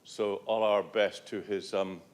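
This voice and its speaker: A man with a low voice delivers a tribute at a council meeting. His speech is measured and halting, filled with ums and uhs. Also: steady tone.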